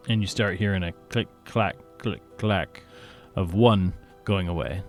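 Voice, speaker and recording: A man's voice: low voice, a little slow, faint music behind. A man narrating a tabletop game as game master, playful and making sound effects.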